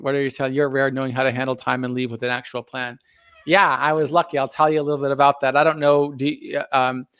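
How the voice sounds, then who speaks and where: A man's voice: mid-range voice, fairly bright tone, clear, resonant tone, no room sound, clean studio sound. Earnest man hosting a live stream. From United States. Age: middle-aged. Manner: earnest, thoughtful, with frequent fillers and restarts. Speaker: live stream host reading viewer comments. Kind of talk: casual live stream talk.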